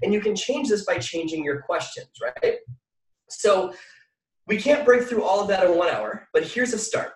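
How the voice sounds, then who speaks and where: A man giving a motivational talk to an audience, energetic and often asking the listeners questions. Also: high voice, moderate pace. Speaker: mindset speaker. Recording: echoey room from far off.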